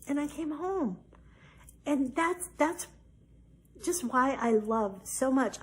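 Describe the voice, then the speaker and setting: A woman in her forties talks in a fairly high voice, casual and chatty, peppering her story with fillers. She grows animated as she retells moments from her life on her podcast. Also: breathy edge. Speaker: podcast host. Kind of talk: personal story, casual spiritual talk.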